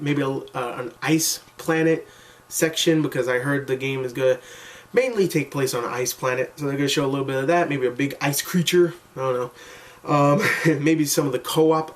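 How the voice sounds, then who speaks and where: A man's voice: a little high, distant mic. A tired man rambling casually and self-mockingly through his own predictions, with loose, chatty talk. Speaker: gaming video maker.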